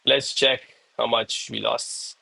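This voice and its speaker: A man's voice: medium pitch, level tone, takes it slowly, creaky, pushed and bright, low-quality recording. Winded young man hyping a live stream. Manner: breathless, hyped, talks to viewers between push-ups. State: out of breath. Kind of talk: casual live-stream chat.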